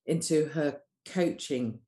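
A woman's voice: low voice, takes it slowly, roomy sound. A woman, a doula and coach, speaking bluntly and passionately in a candid podcast conversation. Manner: blunt, passionate, sweary, animated.

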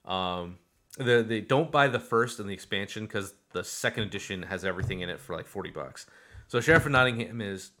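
A young man co-hosting a podcast, chatting casually and animatedly about board games with many fillers. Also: on the low side. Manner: animated, fast, lots of fillers. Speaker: podcast co-host. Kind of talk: casual chat.

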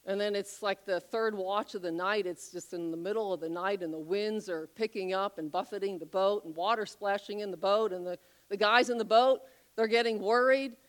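A woman preaching a sermon, telling a Bible story with animated, acted-out voices. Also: mid-range voice, normal speed. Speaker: pastor.

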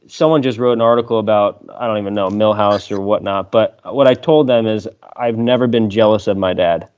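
A young man chatting as a podcast guest, relaxed, laughing often and swearing freely. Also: fairly low pitch, fairly quick, clean tone, lo-fi sound. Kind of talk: casual conversation.

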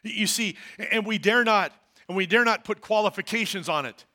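A man, a pastor, preaching a sermon in a church, swinging from loud declarations to quiet, low asides. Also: fairly quick. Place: church hall.

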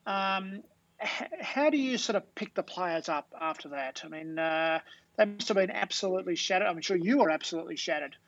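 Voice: mid-range voice, a little fast, vocal fry, lo-fi sound. A host asking a long, hesitant question, full of ums and uhs. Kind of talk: interview questions.

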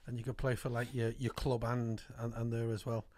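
A man hosting a rugby podcast, asking questions and sharing relaxed anecdotes in casual chat. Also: medium pitch, brisk, dry recording. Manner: relaxed, chatty, trails off quietly. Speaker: podcast host. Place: podcast studio.

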